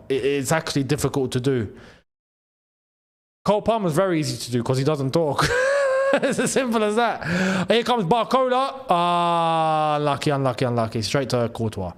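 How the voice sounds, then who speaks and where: A young man hosting a casual live football watchalong, excitable and bantering, laughing often. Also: fairly high pitch, moderate pace. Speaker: football channel host.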